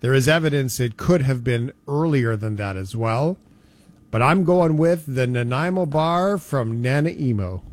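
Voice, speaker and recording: A man's voice: mid-range voice, lively intonation, measured pace. A man hosting a radio show, bantering casually in a playful, storytelling way.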